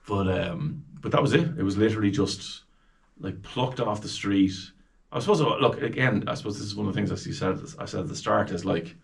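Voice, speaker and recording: A man's voice: lowish voice, fairly quick, creaky. An Irish man in his forties telling stories as a guest in a casual chat, bringing quoted people to life. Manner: lively anecdotes with quoted voices.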